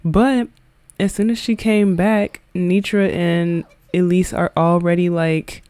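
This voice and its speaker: A woman's voice: lowish voice, flat delivery, slow pace, a little mellow, clean tone, no echo. Woman, let's-play commentary, chatty, giggly, slangy, dry close sound. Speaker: gaming video creator.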